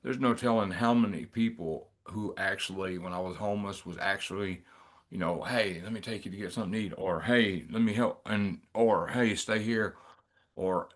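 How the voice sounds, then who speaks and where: Male interviewer, lowish voice, earnest and reflective, casual delivery. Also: moderate pace. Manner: reflective, earnest talk with fillers.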